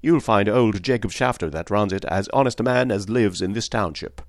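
A man's voice: lowish voice, normal speed, no echo, clean studio sound, lightly acted. Man doing a nervous, secretive old miner. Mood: warning. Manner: urgent and hushed at times. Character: nervous middle-aged male miner, secretive.

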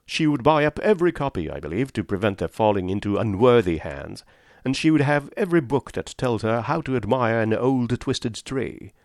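A man voicing a reserved, quietly playful young gentleman in an audiobook reading of a classic novel. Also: medium pitch, lively intonation, normal speed, dry recording, studio quality, natural voice. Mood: teasing.

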